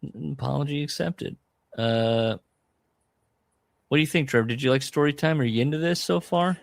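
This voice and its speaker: A man's voice: moderate pace, creaky, no room sound. A man co-hosting a podcast in casual comedic chat, joking around and trying impressions. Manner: jokey, tries impressions, lively pitch swings. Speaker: podcast co-host.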